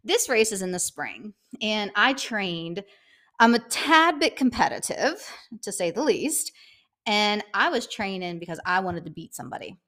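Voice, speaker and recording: A middle-aged woman co-hosting a podcast, telling a story in a casual chat and acting out the quotes with big jumps in pitch. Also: sing-song, unhurried, sharp tone. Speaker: podcast co-host.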